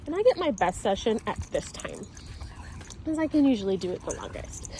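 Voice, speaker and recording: A woman dog trainer outdoors, explaining her method while walking a dog and calling out sharp commands. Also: on the high side, sing-song, a little fast, slight background noise. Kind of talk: instructional talk during dog training.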